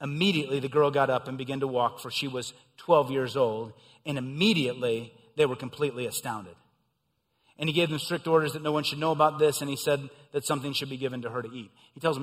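A middle-aged man preaching a sermon, swelling into emphatic passages and then dropping quiet and low. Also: steady tone, fast talker, big-room sound. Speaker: pastor.

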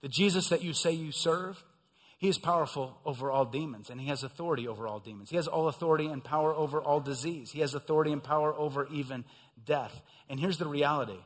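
A middle-aged male pastor delivers a sermon in a slightly raised voice. He swells to emphatic peaks and sinks back to hushed, low lines. A long reverb trails his words through the hall. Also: fast. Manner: preaching with swells of emphasis and quiet drops.

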